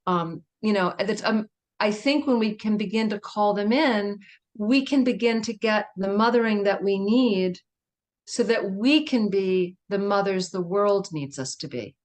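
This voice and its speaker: A middle-aged woman speaks in a reflective, intimate storytelling voice at an ordinary pitch. She guides the listener through a personal story with soft pauses, like a guest in a conversation.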